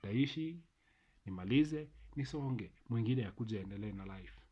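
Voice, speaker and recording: A man's voice: lowish voice, lively intonation, moderate pace, warm tone, breathy edge, highs cut off. A middle-aged man with a Kenyan accent, delivering an emphatic, repetitive opinion monologue to camera as a vlogger. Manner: ranting, emphatic, repeats phrases.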